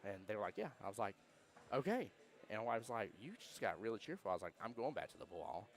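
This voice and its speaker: A man's voice: on the low side, lively intonation, racing. A man commentating a pool match with a co-host in a pool hall, telling stories casually with many restarts. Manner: rambling storyteller, many restarts.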